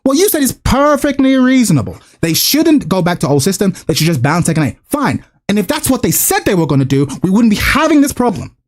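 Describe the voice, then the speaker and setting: A man's voice: high voice, sing-song, fairly quick, hardly any pauses. A man streaming, ranting to his chat with exasperated, repetitive, swearing commentary.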